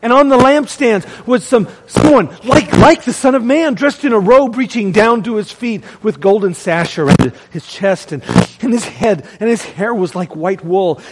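A man preaching a sermon, calling out to the congregation and swinging between loud proclaiming and hushed, dramatic lines. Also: high voice, lively intonation, normal speed, long reverb tail, background noise. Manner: calls to the congregation.

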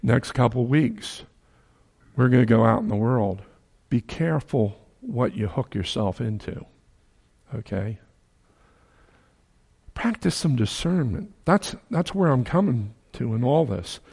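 A man's voice: medium pitch, lively intonation, measured pace, gravelly, pauses often, a little mellow, breathy edge. An older man from New Jersey preaching a sermon in a conversational way, chuckling now and then and rising to emphatic peaks.

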